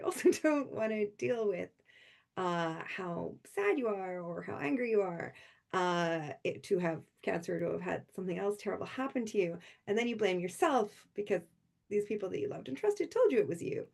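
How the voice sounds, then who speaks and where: Chatty woman author with gravelly fry. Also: medium pitch, animated, normal speed, darkish tone. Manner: rambling, laughs often between thoughts. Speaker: author speaking at a convention livestream. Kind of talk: chatty informal talk before a reading.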